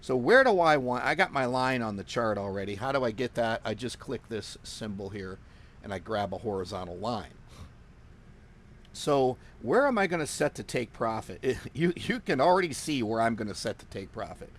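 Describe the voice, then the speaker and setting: A man teaching forex trading live as he works through his screen. He talks in an excitable, boastful way, laughs often, swears casually and repeats phrases for emphasis. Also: mid-range voice, normal speed, a little hiss or hum.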